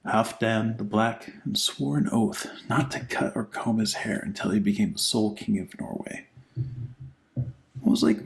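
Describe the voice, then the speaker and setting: A man hosting an ASMR channel, reading an old saga in a soft, half-whispered voice and drifting into rambling asides full of likes. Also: lowish voice, creaky, rough recording. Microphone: microphone with headphones.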